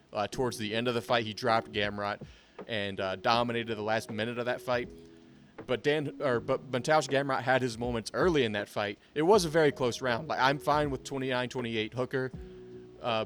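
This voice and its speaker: A man's voice: mid-range voice, a bit bright. A young man giving a casual, blunt and profane breakdown of fight results, full of strong opinions. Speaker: MMA commentator.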